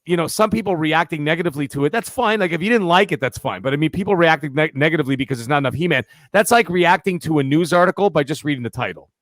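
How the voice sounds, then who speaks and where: A man co-hosting a gaming podcast in relaxed, swear-filled chat. His voice sits a little high, and the sound is close and dry. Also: rapid-fire, hardly any pauses, dry recording. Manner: animated, profane, repeats "right?". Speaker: podcast co-host. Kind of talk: casual chat.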